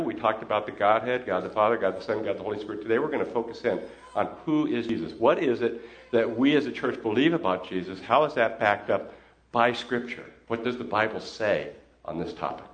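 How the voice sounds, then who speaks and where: A man's voice: fairly low pitch, brisk. A man, a pastor, teaching a congregation in a conversational sermon, often putting questions to his listeners. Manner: conversational, asks the audience questions.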